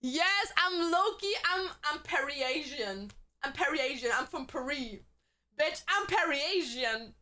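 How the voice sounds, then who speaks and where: A woman's voice: high-pitched, lively intonation, slow pace, bright, forceful tone, full character voice. A woman putting on a caricature of a brash, snooty Parisian woman, speaking in an exaggerated, theatrical way as a comic bit on a livestream.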